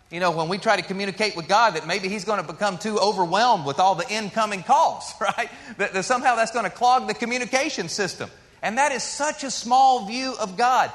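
Man, pastor, sermon, high bright voice, conversational, swells and hushes, reverberant church hall. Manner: conversational preaching, rises for emphasis then drops soft and slow. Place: church sanctuary.

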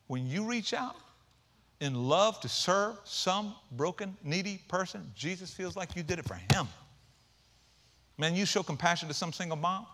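High, bright-voiced male preacher. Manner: energetic, joking, conversational preaching. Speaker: pastor. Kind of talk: sermon. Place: church.

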